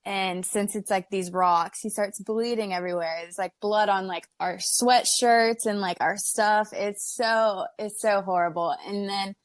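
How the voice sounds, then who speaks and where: A young woman, a guest on a podcast, telling a story in an excitable way with frequent "like.". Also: medium pitch, measured pace, few pauses, dry recording. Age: young adult. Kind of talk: casual interview storytelling.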